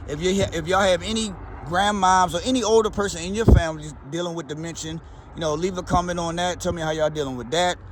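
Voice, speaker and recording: A man's voice: high-pitched, fast, noisy background. A man with a Baltimore accent, talking in a loose, slangy, rambling way as a vlogger. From Baltimore, USA. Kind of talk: casual rambling chat.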